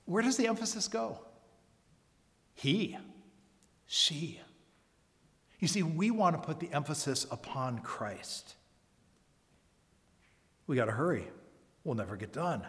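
A man's voice: on the high side, lively intonation, takes it slowly, pauses often. Earnest man preaching in a reverberant hall. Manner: earnest, emphatic preaching with rhetorical questions. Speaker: pastor. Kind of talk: sermon. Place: church service.

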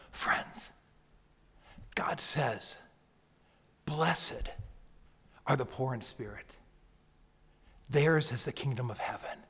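A man with a husky, mid-range voice preaches a sermon in a church sanctuary, the sound carrying a long hall reverb. Speaking as a pastor, he is slow and emphatic, alternating between near-whispers and loud calls.

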